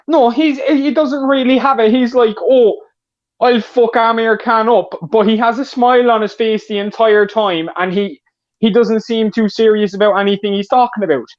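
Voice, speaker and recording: A man's voice: high voice, normal speed. A man calling in to a podcast, talking in a hammy put-on Irish accent. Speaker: caller. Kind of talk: casual podcast call-in. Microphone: remote call. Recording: dull lo-fi remote call audio.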